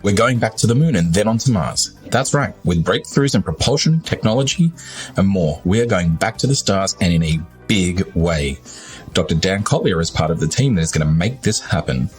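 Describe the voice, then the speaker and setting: A man's voice: deep voice, animated, moderate pace, slightly rough. A man reading a scripted podcast introduction in an upbeat, announcer-like way. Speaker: podcast host. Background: music.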